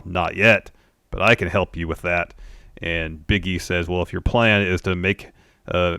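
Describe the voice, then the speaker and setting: A man's voice: deep voice, a bit bright, no room sound, studio quality. A man co-hosting a casual wrestling recap show, recounting segments plainly and complaining about formulaic booking. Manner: matter-of-fact recapping, frustrated complaints. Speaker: podcast co-host.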